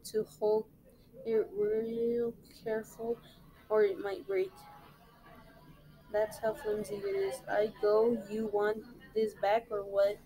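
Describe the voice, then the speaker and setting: Teacher lady reading a book out loud, mellow low-key voice, slow, trips on a word now and then. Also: low-quality recording. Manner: plain, unhurried read-aloud with small slips. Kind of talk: reading a novel aloud.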